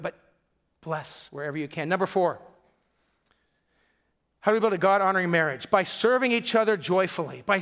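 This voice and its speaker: A man's voice: high voice, a bit bright. A middle-aged man from Michigan preaching a sermon as pastor, telling stories and acting out the voices of people he quotes.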